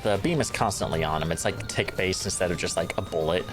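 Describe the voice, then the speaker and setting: A man's voice: sits low, fast talker. A young man chatting casually while gaming, laid-back as he explains game mechanics. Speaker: gamer. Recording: music playing behind.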